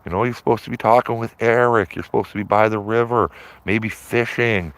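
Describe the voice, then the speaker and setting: A man's voice: on the low side, steady tone, brisk, a bit bright. A man chatting casually to his livestream viewers from outdoors by a river, rambling and repeating himself, ending phrases with "man". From Canada. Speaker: livestreaming auditor.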